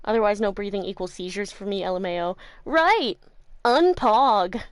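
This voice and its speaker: A woman's voice: medium pitch, normal speed, clean tone, dry recording. A woman streamer chatting loosely with her live viewers from home, her voice stuffy and congested, swearing freely and laughing often. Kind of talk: casual chat with live viewers. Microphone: new desk mic.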